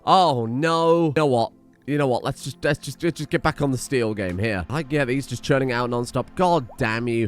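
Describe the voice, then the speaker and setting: A man's voice: mid-range voice, moderate pace, soft background music. A man giving let's-play commentary, joking and swearing at his game characters as he plays. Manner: animated, swearing, joking asides to the colonists. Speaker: gameplay commentator.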